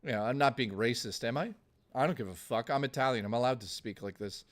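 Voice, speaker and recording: A male streamer talks to his live chat at an everyday mid pitch. He rants and swears in a loose, blustery way. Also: fast. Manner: profane, blustery ranting to chat.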